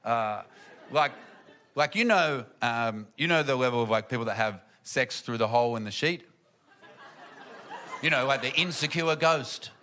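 A man's voice: medium pitch, moderate pace, pauses often, bright, forceful tone, a little hiss or hum. A man performing a rambling, self-deprecating stand-up comedy set on stage, with audience laughter around him. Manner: rambling, self-deprecating storytelling with many fillers.

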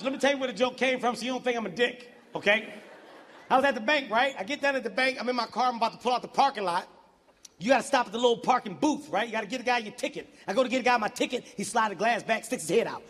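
Brash high-voiced man doing stand-up. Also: slightly rough, big-room sound. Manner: brash, profane, animated storytelling with shouted outbursts. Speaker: stand-up comedian. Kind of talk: stand-up routine. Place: large venue with audience.

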